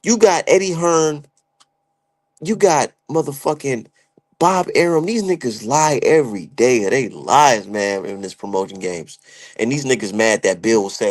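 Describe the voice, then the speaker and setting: A man's voice: medium pitch, measured pace. A young man giving heated, profane, slangy commentary as a streamer. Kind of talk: ranting casual commentary.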